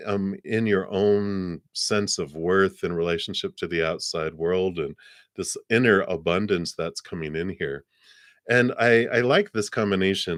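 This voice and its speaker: A man's voice: low-pitched, no room sound, studio quality. A middle-aged man hosting a live tarot card reading, chatting casually with viewers and thanking donors. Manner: relaxed and chatty, thanks donors, many fillers.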